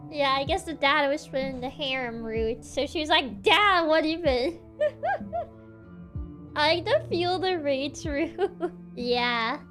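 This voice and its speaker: A woman streamer chats through a game in a high, lively voice that swoops up and down. She talks in an unhurried way, giggles a lot and thinks out loud. Faint music plays behind her. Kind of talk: casual gameplay commentary.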